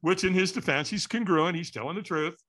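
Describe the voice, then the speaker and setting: A man telling a story in an animated way, acting out the quotes and sounds. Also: sits high, brisk. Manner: lively, acts out quotes and sounds.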